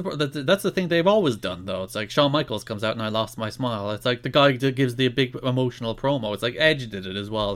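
A man co-hosting a podcast in casual chat, ranting in an animated, exasperated way. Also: mid-range voice. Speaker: podcast co-host.

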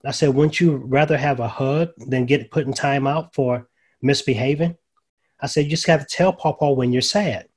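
A man's voice: mid-range voice, moderate pace, breathy edge. Older male chaplain guest, folksy storyteller, mid-range voice, conversational. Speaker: guest, grief ministry chaplain. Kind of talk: casual storytelling.

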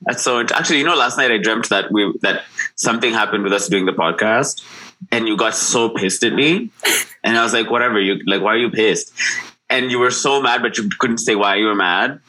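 On a podcast, a male co-host chats casually and tells embarrassing stories, animatedly acting out the quotes. His voice is medium-pitched and a little fast.

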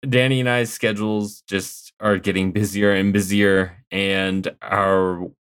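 A man's voice: deep voice, level tone, measured pace, fairly bright tone, clean tone. A man hosting a podcast in casual chat, easygoing and rambling a little as he explains things. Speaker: podcast host.

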